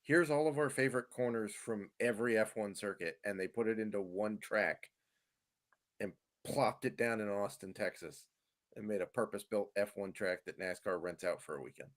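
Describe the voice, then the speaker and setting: A man's voice: fairly low pitch, normal speed. A man in casual podcast chat as a fantasy sports analyst guest, explaining at length with fillers and easy chuckles.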